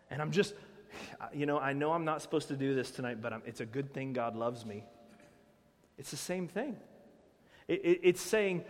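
A man preaching a sermon as pastor, emphatic, sometimes breaking into shouted answers. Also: fairly high pitch, moderate pace. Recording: long hall reverb.

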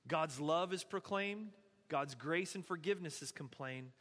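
Male preacher, high bright voice, casual animated sermon delivery. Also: unhurried, big-room sound. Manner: conversational, animated preaching with scripture reading. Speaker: pastor.

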